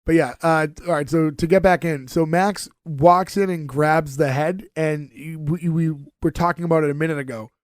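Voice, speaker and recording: A man co-hosting a podcast, retelling a TV episode in lively casual chat with lots of fillers. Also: fairly high pitch, normal speed, hardly any pauses, no echo. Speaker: podcast co-host.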